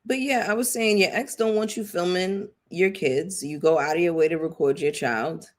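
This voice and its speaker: Blunt, lower-pitched woman chatting to viewers. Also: normal speed. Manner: chatty, emphatic, addresses viewers as y'all and girl. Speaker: reality TV commentator. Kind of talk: casual live-stream commentary.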